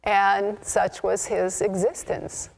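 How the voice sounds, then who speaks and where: Slow, reflective woman minister. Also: medium pitch, flat delivery, vocal fry. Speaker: minister leading a Sunday service. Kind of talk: sermon storytelling. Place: spiritual community service.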